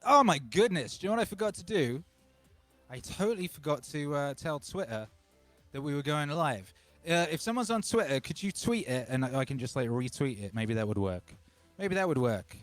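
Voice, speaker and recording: A man in his forties from England, hosting a home livestream in an excitable, rambling way, talking into a microphone run through a DJ mixer. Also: fairly high pitch, moderate pace. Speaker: livestream host and DJ. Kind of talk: casual livestream chat. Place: home studio. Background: faint music bed.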